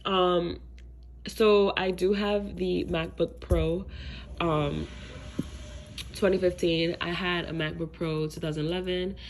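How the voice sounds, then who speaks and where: A woman's voice: fairly low pitch, gravelly, a little mellow, slight background noise. A woman with a stuffy, congested voice chatting through a casual unboxing vlog, laid-back, with frequent ums and slang. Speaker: tech vlogger.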